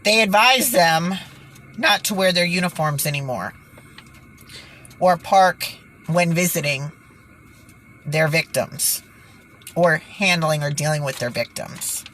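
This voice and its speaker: A woman's voice: deep voice, slow pace, pauses often, fairly bright tone, a little hiss or hum. A woman hosting her own channel, talking in an exasperated, indignant way, sighing and stumbling over words as she reads from news reports. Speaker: channel host. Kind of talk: indignant vlog commentary.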